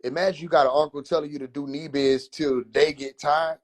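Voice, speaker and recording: A man livestreaming from his phone, casually telling animated, profane childhood stories and laughing between lines. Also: fairly high pitch, fairly quick. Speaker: comedian livestreamer. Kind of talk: casual comedic storytelling.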